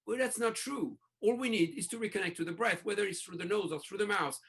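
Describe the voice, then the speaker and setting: High, gravelly man speaking passionately. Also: quick pace, fairly bright tone. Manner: passionate, restarts phrases, speaks in bursts. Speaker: breathwork coach, podcast guest. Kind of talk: enthusiastic interview talk.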